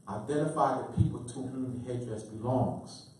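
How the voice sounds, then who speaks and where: A man's voice: mid-range voice, a little fast, dark tone. A man lecturing to a live audience, quizzing them call-and-response style and repeating key words with emphasis. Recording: very echoey room, mic far off.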